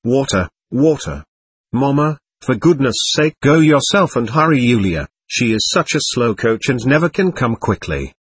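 A man's voice: medium pitch, sing-song, moderate pace, husky, dry recording. A man reading the part of an impetuous, imperious teenage girl who gives urgent, bossy orders.

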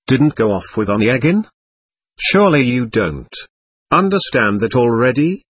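A man reading an audiobook, voicing a calm, mild young man who questions gently. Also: mid-range voice, unhurried, slightly rough. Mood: questioning.

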